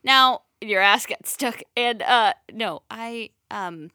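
Young woman, casual podcast chat, bright tone, dry close mic. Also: a little high, clear, resonant tone, dry recording. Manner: chatty, quick, laughing, says "like" a lot. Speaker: podcast co-host, sibling of the storyteller.

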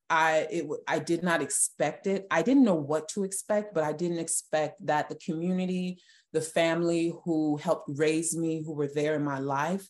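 Low-voiced woman telling her story. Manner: earnest, emotional retelling with restarts. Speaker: podcast guest. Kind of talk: personal testimony in a podcast interview.

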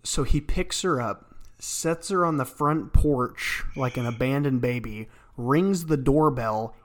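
A man's voice: mid-range voice, takes it slowly. A man from Arkansas, co-hosting a podcast and telling rambling stories that he laughs through. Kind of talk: casual storytelling chat.

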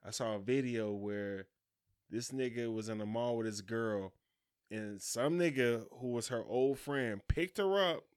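A young married man co-hosting a podcast, telling stories in profane casual chat and acting out the quotes, swinging from mumbles to loud outbursts. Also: mid-range voice, a little slow, clean tone, dry recording, studio quality. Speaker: podcast co-host.

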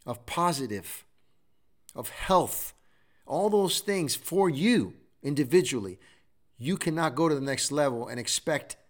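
A middle-aged man hosting a show, giving a preachy motivational talk full of repeated exhortations. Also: medium pitch. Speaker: show host.

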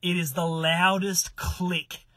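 A young man, telling a funny story in casual podcast chat. He is animated, laughs often and swears freely. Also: sits high, slow, no room sound.

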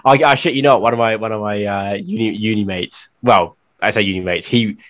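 A young man with a fairly low voice trades casual podcast banter. His humour is dry and wry, punctuated by quick laughs. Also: steady tone, fairly bright tone. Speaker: podcast co-host.

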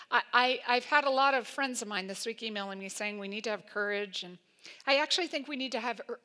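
Woman pastor giving a sermon, chatty and punchy, lots of "like", bright highish voice. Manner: emphatic, conversational preaching with frequent "like" fillers.

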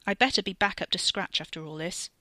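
A man's voice: high-pitched, quick pace, pushed and bright, no room sound. A woman voicing a cocky, foul-mouthed male cultist who swears constantly. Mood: cocky, defiant. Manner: crude, boastful, swears constantly.

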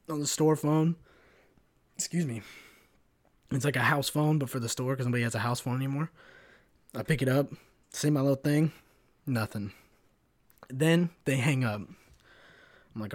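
A man in his twenties tells stories on his podcast in a profane, sarcastic and animated way. His voice has a middling pitch. The recording is dry and close to the mic. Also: brisk, no room sound. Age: 20s. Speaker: podcast host. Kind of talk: casual storytelling monologue.

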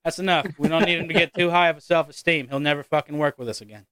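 A man co-hosting a casual podcast, loud and excitable, swearing freely and joking with friends while reading live chat. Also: a little high, very fast, a loud crowd, heavy background noise. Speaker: co-host. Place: home studio with live chat screens.

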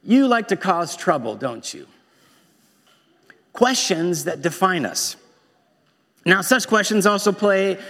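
A man's voice: sits high, fairly bright tone. A male pastor delivering a sermon in a wry, conversational way, quoting lines from films. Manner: wry, conversational preaching with quoted movie lines. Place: church sanctuary. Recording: long church reverb.

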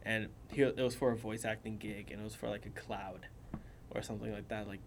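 A man co-hosting a podcast, telling animated stories in casual chat and laughing often. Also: on the low side, a little fast, gravelly, a little hiss or hum. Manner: animated storyteller, laughs a lot. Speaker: podcast co-host.

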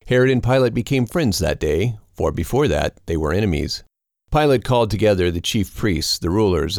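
A man giving a steady, measured scripted scripture reading as an audiobook narrator, close on a studio mic. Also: low voice, dry recording.

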